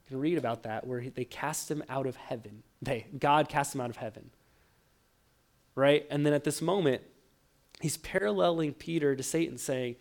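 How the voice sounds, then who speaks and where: A man preaching a sermon, telling the story with lively acted-out quotes and frequent stammered restarts. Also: mid-range voice, normal speed, creaky. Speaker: pastor.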